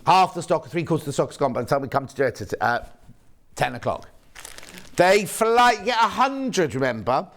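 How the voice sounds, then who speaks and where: A man's voice: a little high, fairly bright tone. A man presenting on a live shopping channel from a TV studio, chatting rambly to viewers and correcting himself as he goes. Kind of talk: live sales presenting, reading viewer messages.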